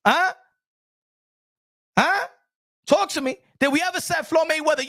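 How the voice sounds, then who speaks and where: Excitable male boxing pundit. High voice, dry close recording, ranting delivery. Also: slow, long pauses, no room sound. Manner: excitable, ranting, with repeated restarts. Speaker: boxing commentator. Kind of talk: animated boxing commentary.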